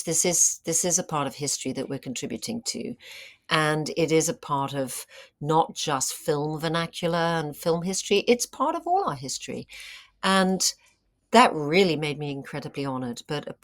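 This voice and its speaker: Low-voiced woman recalling film work. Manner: animated storyteller, many fillers and restarts. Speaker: actress and screenwriter, interview guest. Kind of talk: casual interview conversation.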